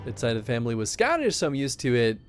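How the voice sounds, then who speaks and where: Chatty animated male streamer. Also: mid-range voice, rapid-fire, faint music behind. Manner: chatty, animated, laughs often. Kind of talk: casual gameplay chat.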